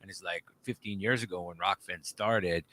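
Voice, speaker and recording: A man's voice: low-pitched, fairly even intonation, moderate pace, pushed and bright. A man co-hosting a livestream, chatting casually, swearing and laughing often. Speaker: livestream co-host. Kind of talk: casual chat.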